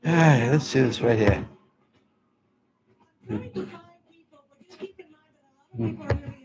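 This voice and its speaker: A man's voice: a little high, huge pitch swings, drawn-out words. A man in his fifties hosting a reaction video, ranting with scornful, profane muttering. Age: 50s. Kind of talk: casual ranting commentary. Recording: dry, dull lo-fi sound.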